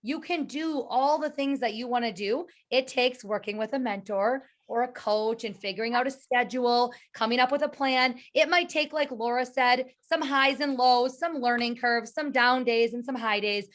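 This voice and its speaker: A woman's voice: a little high, normal speed, few pauses. Upbeat woman leading a sales team call. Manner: energetic and earnest, with repeated words and restarts. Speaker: direct sales team leader. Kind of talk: motivational speech on a video call. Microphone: video call.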